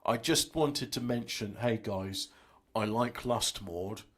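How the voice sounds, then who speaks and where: A man's voice: lowish voice, slow pace. A man chatting casually while editing audio as a music producer, rambling and mocking himself as he thinks aloud. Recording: music playing loudly alongside.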